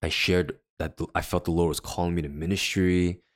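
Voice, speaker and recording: A man's voice: deep voice, fairly even intonation, a little fast. A man co-hosting a faith podcast, earnestly telling a personal story in casual chat and acting out what others said. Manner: earnest, acts out quoted dialogue. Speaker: podcast co-host.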